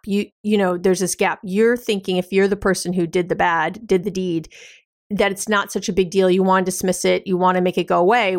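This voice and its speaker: A woman's voice: mid-range voice, dry recording. Conversational woman host, dry sound. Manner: conversational, explaining with everyday examples, frequent fillers. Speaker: podcast host. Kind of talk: casual advice talk.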